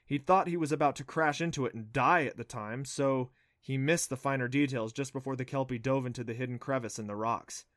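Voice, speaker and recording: A man narrating a children's adventure novel in a steady, even storytelling way. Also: medium pitch, brisk, few pauses, dry recording, clean studio sound. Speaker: audiobook narrator. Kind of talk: scripted narration.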